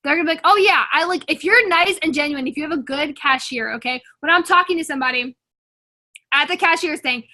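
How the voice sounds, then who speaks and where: A woman's voice: high-pitched, fast, sharp tone. Young woman, team leader, casual motivational chat with lots of "like", upbeat and pushy, video-call mic. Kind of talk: casual pep talk.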